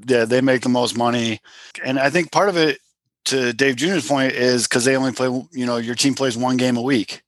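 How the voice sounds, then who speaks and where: A man's voice: medium pitch, fairly even intonation, normal speed, no echo. Podcast guest: man, talkative and keen, recorded dry. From Chicago, USA. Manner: enthusiastic, talkative, explains at length. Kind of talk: casual chat.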